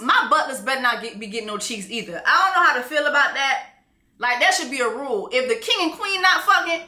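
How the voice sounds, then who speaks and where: Animated, slangy woman recapping a show. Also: on the high side, reverberant. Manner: animated, laughing, slangy, acts out characters' lines. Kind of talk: casual profane recap commentary.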